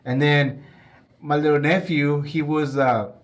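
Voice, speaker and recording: A man's voice: a little high, measured pace. A man co-hosting a podcast, chatting casually and rambling with frequent repeats. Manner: rambling, repeats himself, animated when quoting. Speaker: podcast co-host. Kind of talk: casual chat.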